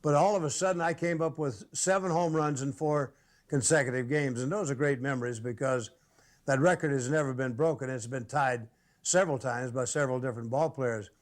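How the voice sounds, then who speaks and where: An older former ballplayer recalling his career in an interview, relaxed and halting, with fillers. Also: medium pitch. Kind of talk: interview reminiscence.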